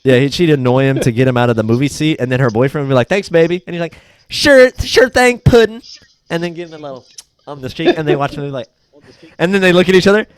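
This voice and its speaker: A man's voice: medium pitch, racing, smooth, no echo. A young man co-hosting a podcast in casual chat, retelling sketches animatedly in goofy voices and swearing freely. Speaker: podcast co-host.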